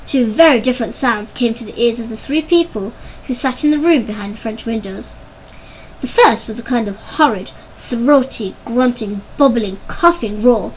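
Woman reading a kids storybook out loud, expressive and measured, highish voice, bit of faint noise. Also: low-quality recording. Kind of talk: storybook narration.

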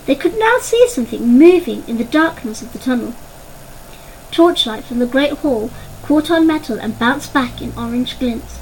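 High-voiced woman reading a story. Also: moderate pace, slight background noise, rough recording. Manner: expressive, dramatic. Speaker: narrator. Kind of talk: storybook narration.

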